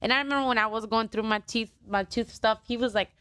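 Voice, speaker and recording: Smooth-voiced woman chatting candidly. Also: a little high, fast talker, pushed and bright, no room sound, studio quality. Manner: candid and chatty, swears casually. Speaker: podcast guest. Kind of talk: casual podcast chat.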